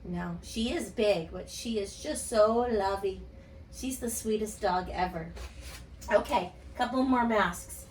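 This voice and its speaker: A woman speech teacher reading and talking gently to young children in an online lesson. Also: mid-range voice, a little hiss or hum. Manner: gentle, slow, sing-song storytelling to kids. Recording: echoey room, voice a bit far from mic.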